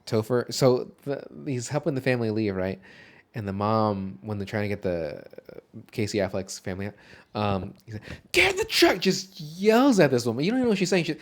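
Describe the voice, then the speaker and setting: A man co-hosting a casual movie podcast, talking loosely and profanely, laughing often and dropping to a low mutter over his notes. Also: expressive, quick pace, a little mellow. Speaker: podcast co-host.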